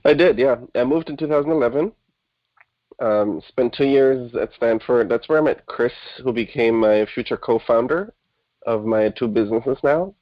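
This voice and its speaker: A man's voice: medium pitch, normal speed, no room sound. Man from Germany, thirties, chatty interview guest, dry close sound, dull lo-fi audio. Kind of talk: casual interview conversation.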